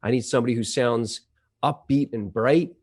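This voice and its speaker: A man's voice: medium pitch, moderate pace, darkish tone. A man being interviewed as a company executive, explaining at length in a chatty way with lots of fillers and restarts. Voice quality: trained audio engineer. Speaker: CEO of a voice-over marketplace, guest. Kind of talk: conversational interview.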